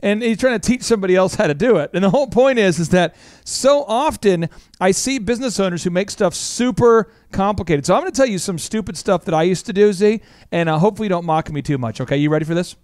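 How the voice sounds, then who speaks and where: Fast-talking, high-voiced male business host. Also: dry recording, clean studio sound. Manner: fast, animated storytelling with shouted bits. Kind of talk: energetic business talk show.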